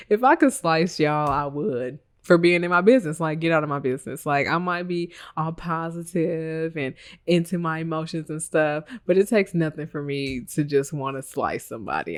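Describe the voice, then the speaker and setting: In a mid-range voice, a podcast host recounts something from work, keeping it casual and lively. The delivery is emphatic, broken up by frequent laughs and blunt remarks tossed to listeners.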